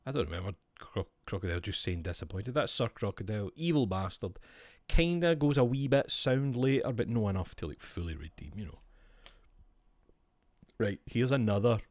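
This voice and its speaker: A man's voice: fairly low pitch, no room sound, studio quality. A Scottish man streaming, chatting casually and explaining with gusto, swearing freely. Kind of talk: casual chat while showing cards.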